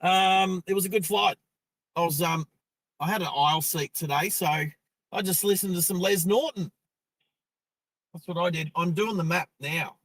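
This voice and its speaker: Australian man, live-stream host, chatty and excitable, high-pitched, recorded in a car on a phone. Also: normal speed, long pauses, dry recording, low-quality recording. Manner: chatty, excitable narration of what he sees. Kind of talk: casual live-stream chat. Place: parked car.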